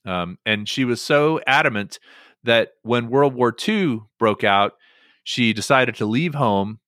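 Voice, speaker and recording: A man hosting a casual chat podcast, telling stories in an animated way with many "um"s and restarts. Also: medium pitch, slow pace, no echo, clean studio sound. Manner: animated storytelling with many fillers. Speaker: podcast host.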